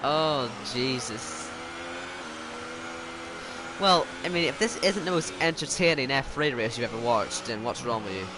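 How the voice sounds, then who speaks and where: Narrating his own online racing game live, a man sounds self-mocking and exasperated as events go wrong around him. His medium-pitched voice is sing-song, measured, and broken by long pauses, with the game's racing car engines in the background.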